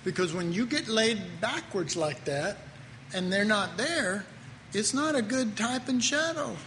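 In a sermon recorded in an echoey hall with faint noise, a man speaks at a measured pace in a high voice that is animated, bright, and forceful. His delivery is conversational and self-interrupting, and he laughs at his own jokes.

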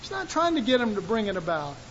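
A man preaches with a strikingly high voice, switching into dramatic voices to play out scenes. The recording is muffled and lo-fi, with a faint hiss underneath. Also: quick pace. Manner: animated, acts out voices of God and listeners. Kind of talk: sermon. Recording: dull, hissy lo-fi recording.

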